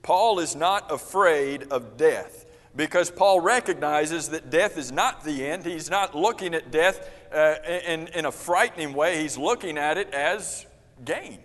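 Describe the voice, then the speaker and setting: A man's voice: fairly high pitch, measured pace, a bit bright. A man teaching a Bible class, explaining Greek verb tenses, repeating words for emphasis and calling on class members. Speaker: preacher leading a Bible class. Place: church classroom. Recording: church hall with long reverb.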